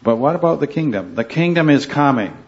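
A man leads a Bible study class for a group, earnestly checking in with "right?" and "okay" as the discussion goes on. His voice is a little high, animated, brisk and gravelly, heard through a dull lo-fi recording.

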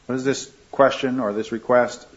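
A man's voice: mid-range voice, fairly even intonation, normal speed. A man leading a Bible study class, asking questions and repeating the students' answers. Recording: slightly dull recording.

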